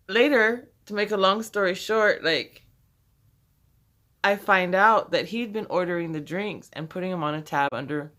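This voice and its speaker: Bright-voiced woman telling a rambling story. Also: fairly low pitch. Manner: profane, rambling, laughs often. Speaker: vlogger telling a personal story. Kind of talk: casual storytelling.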